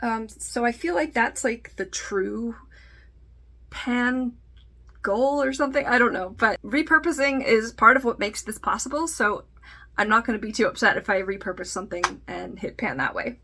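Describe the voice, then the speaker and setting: A woman's voice: a little high, moderate pace, pushed and bright. A woman talking casually to camera in a makeup vlog, chatty and self-deprecating, trailing off into fillers. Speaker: beauty YouTuber.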